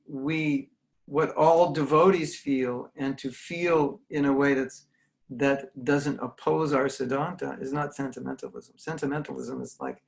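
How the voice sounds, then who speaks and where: Here the recording is rough again, carrying a somewhat high male voice with vocal fry. The speaker is an American spiritual teacher holding an earnest, chatty question-and-answer talk by video call, performing the voices of those he cites.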